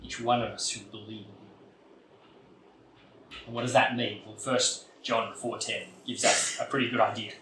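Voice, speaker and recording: A man preaching a sermon earnestly, building emphasis and then dropping to a quiet tone. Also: on the low side, flat delivery, normal speed, long pauses, slight background noise. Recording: echoey room, mic at a distance.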